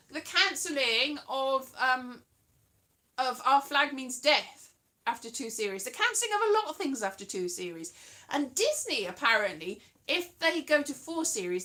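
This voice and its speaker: A woman hosting a casual chat, rambling and trailing off as she hunts for names, with quick asides. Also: on the high side, sharp tone. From Wales. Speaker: podcast host.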